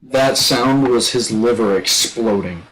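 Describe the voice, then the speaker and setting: Male storyteller, mid-pitched, rambling casual delivery, light background hiss. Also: measured pace. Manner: rambling, restarts a lot, shouts when quoting others. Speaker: gaming streamer telling a story.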